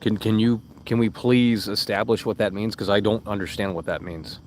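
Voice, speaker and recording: A young man with a fairly low voice talks casually to his stream chat. He is blunt and exasperated, swears a lot and mocks comments with sarcastic put-on voices. A faint hum of background noise sits under his voice. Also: steady tone, moderate pace, darkish tone.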